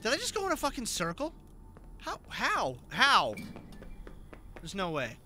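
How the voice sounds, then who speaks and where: A man's voice: high voice, huge pitch swings, a little slow, pushed and bright, slight background noise. A man giving profane, jumpy let's-play commentary on a horror game, talking to himself as he plays. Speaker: gaming video host. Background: game music.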